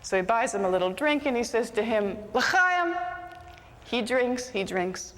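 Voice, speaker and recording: Animated woman storyteller in an echoing hall. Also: on the high side, moderate pace. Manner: animated, dramatic, shifting voices. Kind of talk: live oral storytelling.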